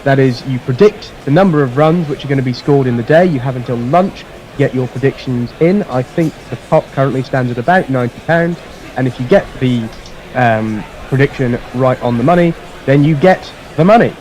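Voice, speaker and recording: Over a radio stream, a man gives chatty ball-by-ball cricket commentary, laughing easily and mixing calls of the play with plugs. His voice is mid-range and darkish, and the audio quality is poor.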